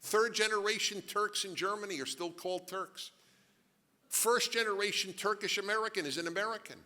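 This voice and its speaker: A middle-aged man giving a lecture to a live audience, animated, joking in asides and firing off rhetorical questions. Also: high voice, fairly quick. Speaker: author giving a talk. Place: large event hall. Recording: long hall reverb.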